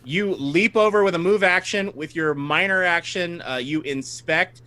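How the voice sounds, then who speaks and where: A man's voice: high-pitched, moderate pace, sharp tone. A man running a tabletop game as game master, narrating the scene to his players and laughing often.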